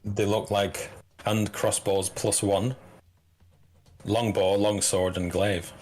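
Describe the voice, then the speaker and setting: A man narrating as game master of a tabletop game, halting and restarting as he describes the scene. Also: lowish voice, flat delivery, a little mellow.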